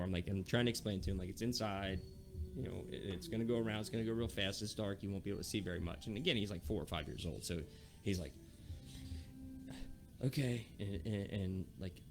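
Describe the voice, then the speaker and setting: A man co-hosting a podcast, telling a family story in casual, rambling chat full of fillers and restarts. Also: fairly low pitch. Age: adult parent. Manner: animated, rambling with many fillers and self-corrections. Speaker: podcast co-host.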